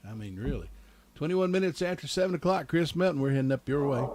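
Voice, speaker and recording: A man's voice: fairly high pitch, expressive, quick pace, a little mellow. A middle-aged man hosting a local morning radio show, chatty and joking. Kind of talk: casual radio chat. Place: radio studio.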